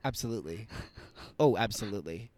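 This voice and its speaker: A man's voice: fairly low pitch, expressive, brisk, a little mellow, dry recording. A man co-hosting a podcast in casual chat, playful and jokey, telling dad jokes with exaggerated delivery. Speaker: podcast co-host.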